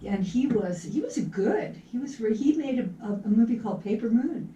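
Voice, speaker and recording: A chatty woman co-hosting a casual movie talk, her voice mellow and dark. She laughs easily and drifts off mid-sentence. She sits well back from the mic in an echoey room, with a faint hiss behind her. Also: a little high, animated, moderate pace, far from the mic, lo-fi sound. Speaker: movie talk show co-host. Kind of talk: casual chat about movies.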